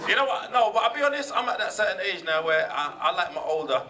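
A man's voice: sits high, sing-song, quick pace, over a noisy crowd, very noisy. A man in his forties with a London accent doing stand-up, brash and swearing, teasing the audience. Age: 40s. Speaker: stand-up comedian. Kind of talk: stand-up comedy. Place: comedy theatre stage. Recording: amateur far-off camera in a loud crowded theatre.

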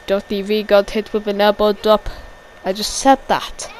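A woman giving excited amateur play-by-play wrestling commentary, repeating each call and shouting at the big moves. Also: medium pitch, normal speed, few pauses, slight background noise, rough recording.

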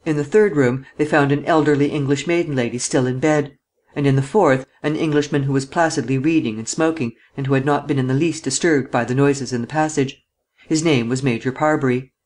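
A man narrating an audiobook of a detective novel in a measured storytelling manner. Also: medium pitch, a little mellow. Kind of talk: scripted narration.

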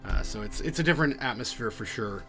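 A man giving voice-over commentary on his poker hands, halting and full of fillers. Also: mid-range voice, lively intonation, music in the background. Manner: halting, many fillers and restarts. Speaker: poker vlogger.

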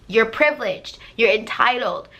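A woman's voice: on the high side, lively intonation, moderate pace, sharp tone. A woman life coach giving a motivational talk to camera, emphatic and direct, hammering her points with repetition.

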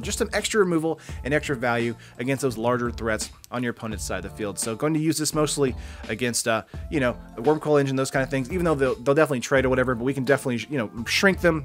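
Male host, brisk and casual, game commentary peppered with fillers, soft music bed. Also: medium pitch. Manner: quick, casual, lots of fillers. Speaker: card game channel host. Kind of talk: deck breakdown and gameplay commentary.

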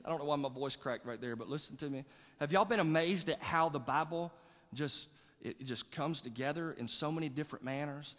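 Pastor preaching in a reverberant church. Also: male voice, a little high, a little fast, a bit bright. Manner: emphatic preaching with rising bursts and repeated words. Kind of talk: sermon. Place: church sanctuary. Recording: church hall reverb, dull lo-fi sound.

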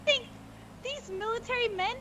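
A woman's voice: very high-pitched, moderate pace, noisy background. A woman playing a hesitant, worried gang member in a game role-play. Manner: hesitant, questioning.

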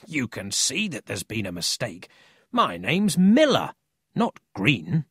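A smug grown man of a thief drawls his denials slowly and dismissively. A man voices him with a husky, dry, close tone in a storybook reading. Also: medium pitch, wildly swooping pitch, fairly bright tone, no room sound, full character voice. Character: lying adult male thief, smug and dismissive.

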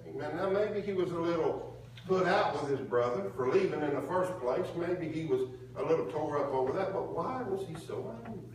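A man's voice: on the high side, lively intonation, a little fast, darkish tone, slight background noise. A man preaching a sermon in a folksy, colloquial way, drawing call-and-response from the congregation. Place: church sanctuary. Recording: echoey room from far off.

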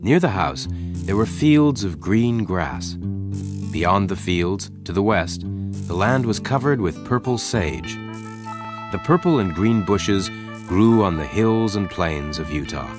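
A man narrating a story in a slow, clear, even reading for English learners. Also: low voice, over music.

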